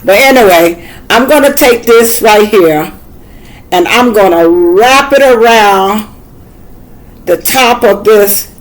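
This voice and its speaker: A woman's voice: medium pitch, animated, takes it slowly, poor audio. An older woman with a Southern US accent giving a casual, folksy how-to demonstration, chatting and repeating herself as she works. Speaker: craft tutor.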